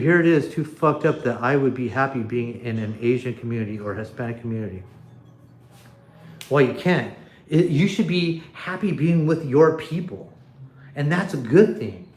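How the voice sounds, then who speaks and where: A man with a somewhat high voice rants bluntly into a phone on a casual livestream. He swears freely, restarts his sentences and wanders off track. The phone picks up a lot of echo from the room. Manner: blunt, profane, rambling with restarts. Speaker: livestream host.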